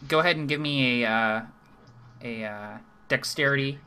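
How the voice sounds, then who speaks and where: Game master, male, bright tone, descriptive narration with pauses. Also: medium pitch, clean tone.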